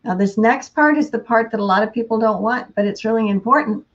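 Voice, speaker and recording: A woman giving a casual inspirational talk, unhurried and laughing often between thoughts. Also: on the high side, dull audio. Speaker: motivational speaker.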